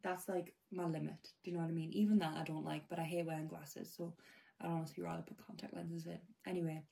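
A young British woman casually telling a rambling personal story as a vlogger, often dropping her voice to a hush. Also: low voice, little pitch movement, fast, vocal fry.

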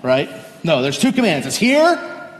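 A man pastor giving a sermon, chatting casually with the congregation and reading scripture slowly and solemnly, in a church sanctuary. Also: fairly high pitch, huge pitch swings. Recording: echoey hall with long reverb.

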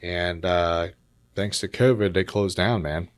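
A man's voice: low voice, measured pace, dry recording, clean studio sound. A man chatting casually as a podcast guest, laid-back, laughing often and tacking "man" onto his sentences. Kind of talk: casual chat.

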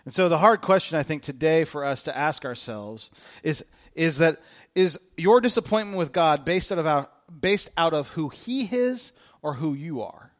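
A man preaching a conversational sermon to his congregation in church, earnest and direct, repeating his key questions. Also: fairly high pitch. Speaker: pastor. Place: church service before a congregation.

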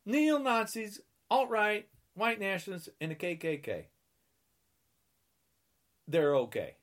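A man's voice: high-pitched, expressive, moderate pace, a bit bright. A man from New Jersey delivering an angry political rant, sarcastic and indignant, repeating mocking refrains and scolding his listeners. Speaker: political commentator.

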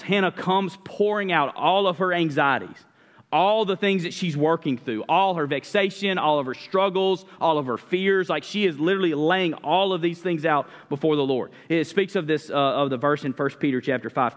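A man's voice: fairly high pitch, normal speed. A man preaching a sermon as pastor, earnest and conversational, often restarting his sentences. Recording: long reverb of a church hall.

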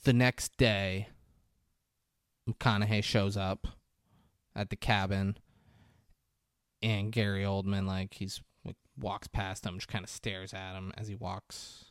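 A man in casual chat, animated and swearing freely as he recaps a movie. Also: deep voice, slow pace, long pauses, no room sound, clean studio sound.

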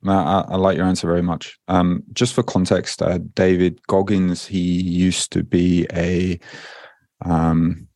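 A man's voice: sits low, completely flat delivery, a little slow, a little mellow, dry recording, studio quality. A man hosting a podcast, reading out listener questions and chatting casually with frequent hesitations. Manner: hesitant, many ums and restarts. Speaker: podcast host.

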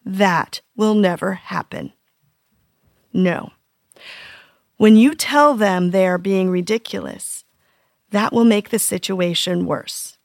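A woman in her fifties hosting a parenting podcast, reading scripted tips in an earnest, gently humorous way. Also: mid-range voice, slow pace, gravelly, pauses often, dry recording, studio quality.

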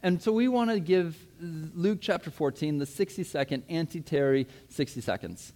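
Animated male pastor, slightly high voice. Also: moderate pace. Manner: lively storyteller who acts out his own past words. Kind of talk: sermon with personal storytelling. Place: church.

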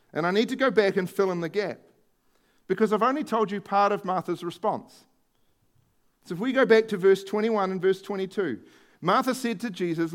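A man with a high-pitched voice preaches a sermon in a conversational tone. He retells a story and adds emphatic stresses along the way.

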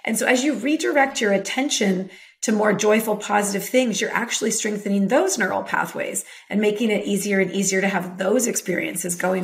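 A middle-aged woman, a podcast guest and women's leadership coach, talking in an upbeat, animated way and laughing easily. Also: mid-range voice. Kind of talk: conversational interview.

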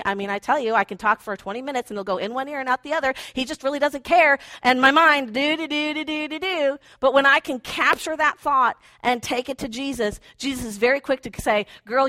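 A woman's voice: a little high, sharp tone, dry recording. A woman preaching a conversational sermon who acts out inner voices playfully.

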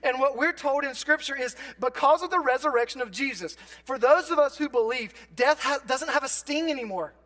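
High, bright-voiced male preacher. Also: fairly quick, few pauses. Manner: conversational, swings between loud emphasis and quiet asides. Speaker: pastor. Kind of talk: sermon.

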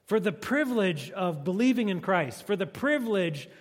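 A grateful apostle pours out his thanks, raised, emphatic and warm, in a preacher's voice. It rings out under a long church reverb. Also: sits high, lively intonation, normal speed, pitched above the performer's own voice. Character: grateful, moved apostle writing a letter.

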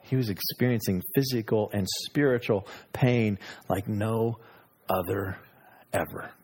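Emphatic husky male preacher. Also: a little slow. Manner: emphatic, swinging from loud high exclamations to low hushed asides. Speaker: pastor. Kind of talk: sermon.

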